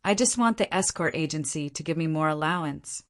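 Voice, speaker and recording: A woman's voice: sits low, natural voice. A woman voicing a humble young escort. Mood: deferential. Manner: respectful, hurried, deferential. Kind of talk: audiobook character voice.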